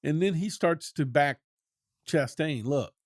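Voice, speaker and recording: A man hosting a sports talk show, chatting casually with opinionated, quick back-and-forth banter. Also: fairly high pitch, no room sound, clean studio sound.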